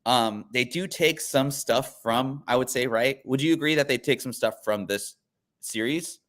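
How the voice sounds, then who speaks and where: The host of a comic book channel speaks in a mid-range, fairly bright voice at a measured pace. His casual chat rambles, with plenty of fillers and restarts.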